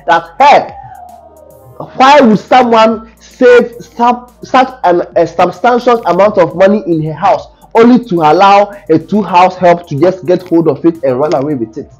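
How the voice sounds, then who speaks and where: A man's voice: high-pitched, normal speed, few pauses. A man with a Ghanaian accent giving casual news commentary, indignant and full of rhetorical questions. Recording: dull lo-fi audio with faint music.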